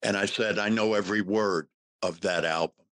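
A man's voice: lowish voice, fairly even intonation, normal speed, fairly bright tone, dry recording, rough recording. A man in his sixties, a guest actor in a casual interview, telling a story and acting out the quoted dialogue.

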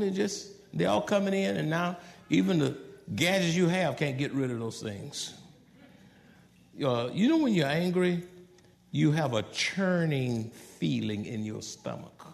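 Pastor, male, gravelly and fairly high voice, animated sermon delivery, long hall reverb. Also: measured pace. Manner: swings from hushed to loud, animated preaching with quoted asides.

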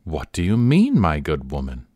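A worldly French gentleman, voiced by a male narrator speaks with wry emphasis. His voice is deep but lively, and the recording is dry and close. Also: a little slow, no room sound.

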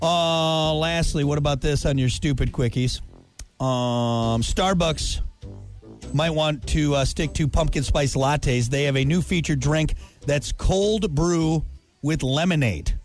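A man's voice: a little high, takes it slowly, faint music behind. A man hosting a morning radio show, joking and teasing his co-host in casual banter.

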